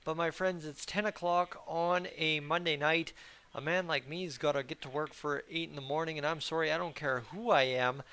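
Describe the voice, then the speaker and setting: A man's voice: fairly high pitch, fairly even intonation, moderate pace, sharp tone, smooth. A young man hosting a casual fan commentary channel, rambling and chatty with a frustrated edge. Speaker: hockey fan channel host.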